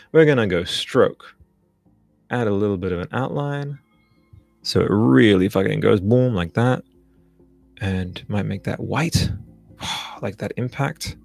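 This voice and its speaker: A man's voice: fairly low pitch, vocal fry. A man in his thirties hosting a live stream, chatting casually in a loose, profane, hyped-up way. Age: 30s. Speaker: podcast host.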